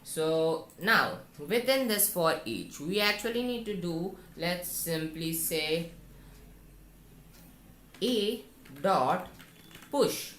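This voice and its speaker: A woman's voice: lowish voice, animated, very slow, pauses often, a bit bright. A woman teaching a coding tutorial, thinking aloud and talking viewers through each step of the code. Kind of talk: screen-recorded coding tutorial. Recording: echoey room with faint noise and keyboard typing.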